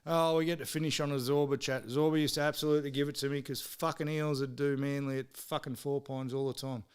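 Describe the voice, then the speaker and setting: A man's voice: medium pitch, flat delivery, fast, clear, resonant tone. An Australian man hosting a casual live stream, tipping footy games and freely swearing while he teases his mates in the chat.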